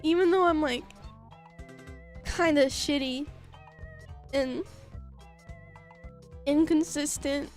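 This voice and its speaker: A young woman streamer talking haltingly on a livestream, tearful, with many fillers, curses and nervous laughs. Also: high voice, soft background music. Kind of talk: emotional livestream chat.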